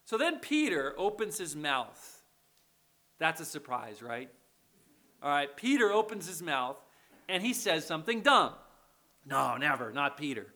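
A man with a high, bright voice preaching a sermon. He keeps it conversational and keeps checking in with the congregation as he walks through the passage. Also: very animated, unhurried. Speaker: pastor.

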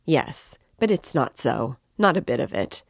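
A woman reading the part of an excitable, tipsy young man who rambles and declaims with passion. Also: very deep voice, measured pace, gravelly, no room sound, clean studio sound, exaggerated voice. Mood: rambling. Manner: impassioned, rambling, emphatic.

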